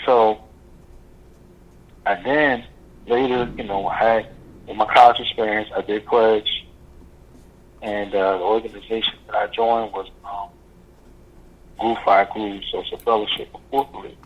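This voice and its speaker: A man telling his story as an interview guest, rambling and halting with many fillers. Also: fairly low pitch, little pitch movement. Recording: muffled lo-fi audio.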